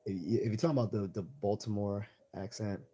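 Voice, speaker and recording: A man's voice: on the low side, fairly even intonation, a little fast, warm tone, husky. A man with a Northeastern American accent hosting a livestream, rambling and opinionated as he reads out the chat, often restarting his sentences. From Chicago. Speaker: livestream host reading chat.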